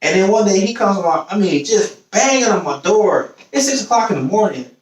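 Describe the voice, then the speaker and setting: A young man with a high, bright-sitting voice spins a casual story on a podcast, acting out each person's lines as he goes. He sits back from the mic, and the room around him rings with echo. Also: fairly quick. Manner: animated storyteller, acts out quoted voices. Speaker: podcast host. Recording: echoey room, distant mic.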